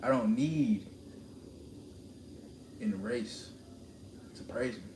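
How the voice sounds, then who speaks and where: This livestreamer speaks slowly in a mid-range voice, delivering a preachy, confrontational rant as a monologue. He repeats lines for emphasis, and the audio carries a roomy echo over steady background noise.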